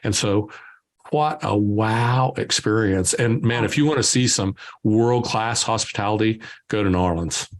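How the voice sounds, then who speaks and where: Man telling lively stories. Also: fairly low pitch, unhurried. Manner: lively anecdotal storyteller, acts out dialogue. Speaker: guest entrepreneur. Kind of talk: conversational storytelling.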